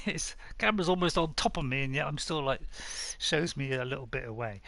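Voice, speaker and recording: West country guy chatting on his game stream, bright forceful voice, dry close sound, chuckles a lot. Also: medium pitch, moderate pace, creaky, dry recording. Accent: West Country English. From Bristol, England. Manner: chatty, chuckling, reads viewer messages aloud. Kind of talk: casual live-stream chat.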